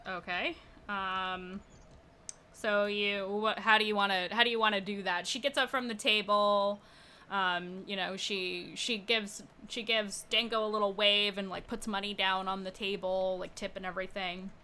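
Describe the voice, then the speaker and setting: A woman's voice: mid-range voice, steady tone, normal speed, pushed and bright, slight background noise. A woman narrating as game master, slipping into townsfolk voices now and then.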